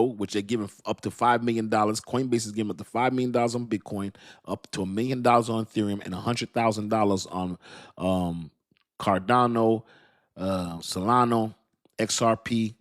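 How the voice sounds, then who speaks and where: Laughing, slangy male livestream host. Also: on the low side. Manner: animated, slangy, laughs often, talks to chat. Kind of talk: casual livestream commentary.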